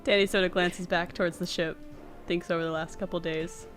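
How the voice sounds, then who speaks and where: A woman playing a tabletop game, quick and laughing, asking the game master questions. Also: lowish voice, steady tone, soft background music. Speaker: player.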